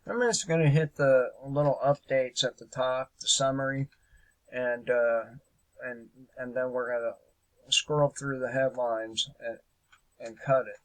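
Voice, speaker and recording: A man's voice: mid-range voice, steady tone, measured pace, poor audio. A man hosting a casual political commentary show, speaking hesitantly with lots of fillers and a sarcastic edge.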